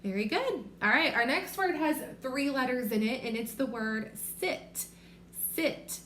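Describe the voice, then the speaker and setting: A woman teaching a remote reading lesson to young children, sounding out letters and words slowly and clearly. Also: high voice, animated, a bit bright. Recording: echoey room with faint noise.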